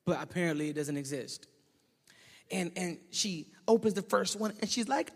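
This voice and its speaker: A male pastor preaching a sermon, telling a story and swinging from shouting to hushed tones. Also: high voice, expressive, fairly quick, husky. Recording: echoey hall.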